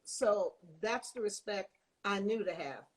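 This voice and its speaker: An older woman telling lively stories in a casual chat, acting out the people she quotes. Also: mid-range voice, measured pace. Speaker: guest.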